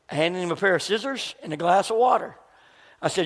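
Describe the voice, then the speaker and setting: A man's voice: high-pitched, a little fast, fairly bright tone, in a large hall. A middle-aged man, a pastor, preaching a sermon and telling a family story, acting out the dialogue.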